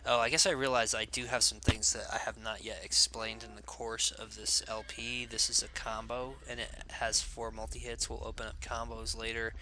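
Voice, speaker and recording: A man's voice: fairly low pitch, flat delivery, normal speed, hardly any pauses, pushed and bright, a little hiss or hum. A tired man casually commenting on his gameplay as a let's play host, rambling and joking at his own expense. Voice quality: rambling, self-deprecating, jokey. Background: game music.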